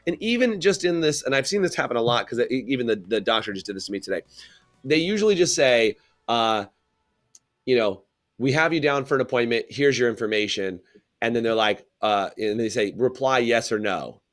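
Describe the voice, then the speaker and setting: Lively man giving casual advice. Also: medium pitch, fairly quick. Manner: animated, acts out little scenes. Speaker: co-host of salon business show.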